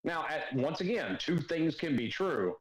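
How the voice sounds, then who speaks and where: A man in casual podcast talk, flatly correcting others and pushing back. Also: a little high, a little slow, poor audio. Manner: skeptical, corrective. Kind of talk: casual chat.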